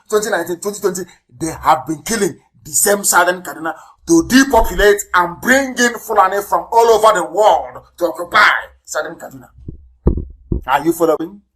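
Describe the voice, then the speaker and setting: Fiery Nigerian man on live radio. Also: poor audio. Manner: fiery, denouncing, emphatic repetition; swings between loud outbursts and low muttered asides. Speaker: political leader broadcasting on radio.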